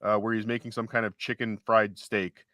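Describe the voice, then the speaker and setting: A man's voice: lowish voice, level tone, normal speed, fairly bright tone. A man co-hosting a casual livestream chat, rambling and joking with mock-indignant asides. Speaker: co-host.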